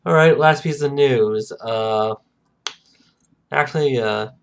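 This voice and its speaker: A man hosting a casual podcast, rambling and halting, with lots of "uh" and "and" between thoughts. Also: medium pitch, vocal fry, clear, resonant tone. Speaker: podcast host. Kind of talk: casual chat.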